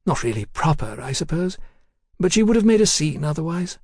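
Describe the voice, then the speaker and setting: A man's voice: a little high, big pitch swings, brisk, darkish tone, breathy edge, no room sound, studio quality, voice pushed up, exaggerated voice. A man voicing a genteel, grey-haired aristocratic older woman, polite and prim. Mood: musing.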